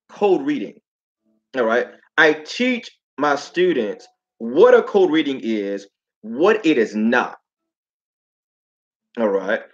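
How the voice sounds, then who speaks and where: A man hosting a casual livestream talk, telling stories with lots of repeated phrases and animated asides. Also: a little high, lo-fi sound. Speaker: host.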